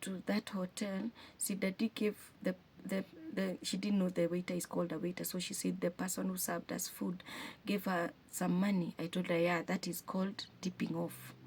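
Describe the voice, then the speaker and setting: A woman's voice: fairly low pitch, flat delivery, normal speed, a little mellow, slight background noise. Earnest Kenyan woman telling a painful story. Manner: emotional, earnest retelling with frequent restarts. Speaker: single mother vlogger. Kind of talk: personal storytelling to camera.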